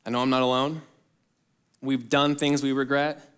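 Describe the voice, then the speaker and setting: A pastor speaks to his congregation in a level, smooth tone at a moderate pace, earnest and direct. Now and then he rises to emphatic bursts before dropping back soft and low.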